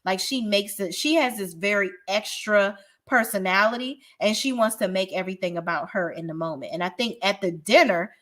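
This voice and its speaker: A woman's voice: mid-range voice, normal speed, hardly any pauses, fairly bright tone. A woman giving a casual, blunt and profane recap of a reality show, often restarting her sentences as she talks. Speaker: reality TV reviewer.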